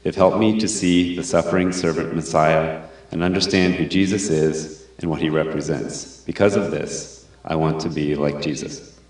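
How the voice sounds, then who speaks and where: A man reading his prepared testimony in a steady, measured way. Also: a bass voice. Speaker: person being baptized. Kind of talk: read-aloud prepared testimony. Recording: very echoey church hall.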